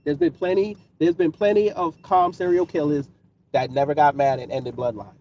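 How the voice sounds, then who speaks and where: New male streamer, taunting and coolly threatening, set back from a muffled mic with clear background noise behind. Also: on the high side, normal speed, distant mic. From New York City. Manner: taunting, mocking, calmly menacing. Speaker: livestream host answering chat. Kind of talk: casual live-stream roasting.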